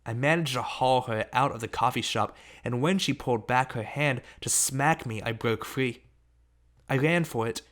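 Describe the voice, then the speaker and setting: A man reading an audiobook, narrating a story in steady first person. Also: medium pitch, moderate pace. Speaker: audiobook reader.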